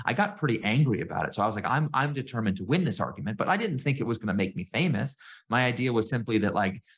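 A middle-aged man chatting as a podcast guest, his voice sitting a touch low. He tells stories with energy and acts out quoted lines with a sharp lift in pitch. The delivery is casual and conversational. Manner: animated storyteller, acts out quoted exchanges in a raised voice. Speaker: guest, entrepreneur and author.

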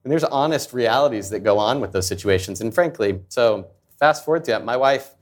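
A man's voice: mid-range voice, animated, fairly quick. A man in his thirties, a company founder, telling a personal story in an interview in an earnest, confessional way. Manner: earnest, confessional, acts out quoted voices. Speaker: founder and CEO, guest.

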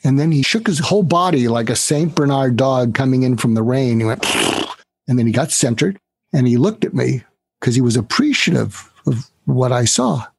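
Man, husky voice, dry close sound, animated storyteller, interview guest. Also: mid-range voice, moderate pace, dry recording. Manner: animated storyteller who acts out quoted dialogue. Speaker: interview guest, author and hostage negotiation trainer.

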